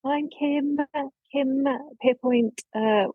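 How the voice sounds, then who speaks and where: A woman's voice: sits high, drawn-out words, husky, no room sound, phone-quality sound. A woman in her fifties from England introducing herself on a podcast in a bubbly, self-deprecating way. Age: 50s. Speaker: community member.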